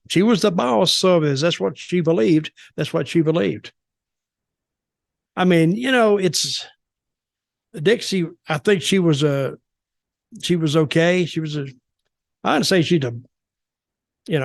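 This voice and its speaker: A man's voice: fairly high pitch, unhurried, vocal fry, pauses often, dry recording, studio quality. An older man hosting a podcast, telling stories in a rambling, folksy way with colloquial grammar. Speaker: podcast host. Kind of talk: storytelling interview.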